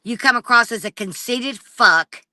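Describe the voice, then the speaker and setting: A woman's voice: a little high, a little slow, bright, forceful tone, no echo. A woman livestreaming an angry, profane rant straight at a rival. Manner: profane and confrontational, addressing a rival directly.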